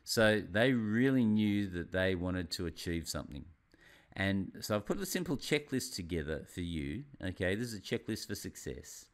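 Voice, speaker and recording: A man, a business consultant giving a motivational presentation, telling his story with theatrical swings in pitch and volume and addressing the audience as ladies and gentlemen. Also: lively intonation, moderate pace. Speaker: business consultant and seminar speaker.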